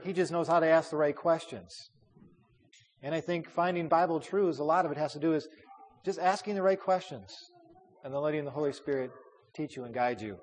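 A man leading a Bible study as a pastor, talking in a conversational way with fillers and repeated words. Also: on the high side. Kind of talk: informal Bible study teaching. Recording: long hall reverb.

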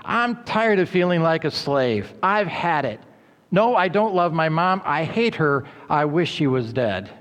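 A man's voice: fairly high pitch, big pitch swings, measured pace, a bit bright, long reverb tail. A man voicing a sullen, defiant teenage girl who snaps back sarcastically during a sermon story. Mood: bitter. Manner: sarcastic, snapping.

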